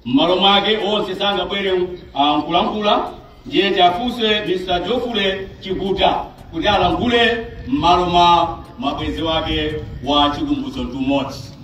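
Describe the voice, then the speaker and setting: A man's voice: sits high, unhurried, a bit bright, heavy reverb, recorded from a distance, rough recording. A man serving as master of ceremonies at a funeral, formally introducing the next speaker.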